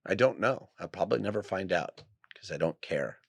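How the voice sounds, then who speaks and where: A man with a very low voice chatting on a podcast, reflective and wry, often restarting his thoughts. The sound is dry and close. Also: expressive, brisk, vocal fry, dry recording. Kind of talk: casual podcast chat.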